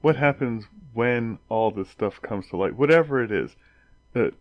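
A man's voice: medium pitch, moderate pace, no echo, dull audio. A man in casual chat, arguing his point with stumbling restarts.

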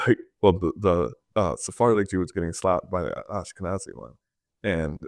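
Deep, dry-voiced male co-host. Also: moderate pace, no room sound. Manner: dry joking, laughs mid-story. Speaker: podcast co-host. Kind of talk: casual chat.

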